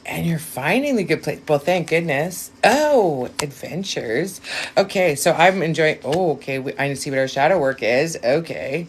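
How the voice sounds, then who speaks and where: A woman doing a casual live-stream reading, talking straight to viewers, blunt and swearing freely, with sudden lifts of excitement and quiet asides. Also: low voice, takes it slowly, long pauses, a little hiss or hum. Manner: bursts of excitement, then drops to a quiet aside. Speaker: live-stream tarot reader.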